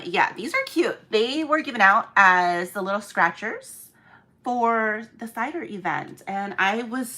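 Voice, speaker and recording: A woman's voice: on the high side, pushed and bright. A woman hosting a live online auction, chatting casually with viewers and laughing often. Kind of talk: casual live-stream chat.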